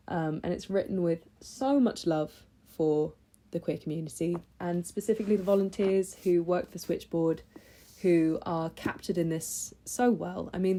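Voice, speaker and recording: Young female book vlogger, low-pitched and mellow, chatty and eager. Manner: chatty and enthusiastic, with many fillers and restarts. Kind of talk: casual book review chat.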